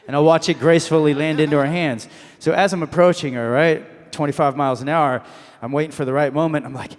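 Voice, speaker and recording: Speaking at a moderate pace in a rather high voice, a man guests on a convention panel in a large hall and tells a comic anecdote to a live audience. He's an animated storyteller who acts out voices and laughs mid-story.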